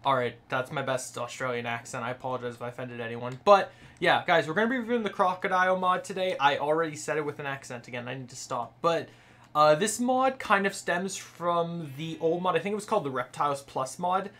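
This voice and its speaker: A man's voice: a little high, brisk, a bit bright. A young man hosting a game video, chatting loosely with many fillers as he reads and demonstrates. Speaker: gaming channel host. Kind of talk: casual video game commentary.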